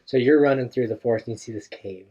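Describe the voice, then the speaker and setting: A male co-host chats casually and playfully guides a guest through a made-up adventure. His medium-pitched voice is mellow, slightly rough and quick, and the recording has a dull lo-fi sound.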